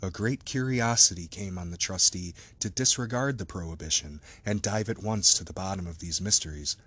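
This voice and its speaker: A man reading a classic novel aloud as an audiobook narrator, in measured, even scripted narration. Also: low-pitched, breathy edge.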